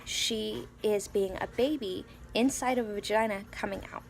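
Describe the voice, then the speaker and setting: Speaking at a moderate pace in a mid-range voice, a young mother of three little ones tells a casual, rambling story for her home vlog, stumbling through fillers and restarts. When she quotes her child she drops to a soft whisper, and faint music plays in the background.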